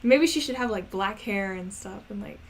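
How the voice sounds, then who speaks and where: A woman's voice: medium pitch, moderate pace, slight background noise. A woman chatting casually as she plans a character, rambling and laughing at herself. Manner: rambling, many fillers, self-mocking. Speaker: animation creator. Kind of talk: casual chat, thinking aloud.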